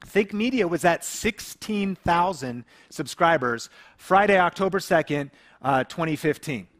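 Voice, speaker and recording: A man's voice: fairly high pitch, expressive, measured pace, fairly bright tone. A man in his thirties from the Seattle area, a YouTube creator telling a personal story to camera and acting out phone calls. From Seattle area, USA.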